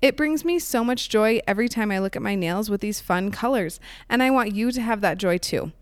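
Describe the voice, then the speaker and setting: A woman's voice: mid-range voice, fairly quick, clear, resonant tone, dry recording. A woman hosting a podcast, reading an ad and interviewing a guest with bubbly enthusiasm. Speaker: podcast host. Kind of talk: podcast intro, ad read and interview.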